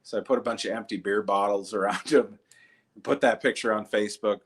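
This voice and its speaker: A man's voice: on the low side, brisk, husky. A man doing stand-up comedy, telling stories and acting out the voices of the people in them. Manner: animated, acts out voices in his stories. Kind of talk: stand-up storytelling.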